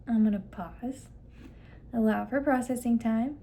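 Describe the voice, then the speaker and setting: A woman's voice: on the high side, normal speed, mellow. Woman demonstrating a listening activity. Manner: explains step by step, models exaggerated emphasis on key words. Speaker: speech therapist demonstrating to parents. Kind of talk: instructional demonstration.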